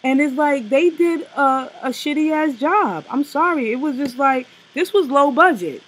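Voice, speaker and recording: A woman co-hosting a casual review chat, blunt and animated, with slang and profanity. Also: high voice, normal speed, rough recording. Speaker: co-host reviewing a TV special.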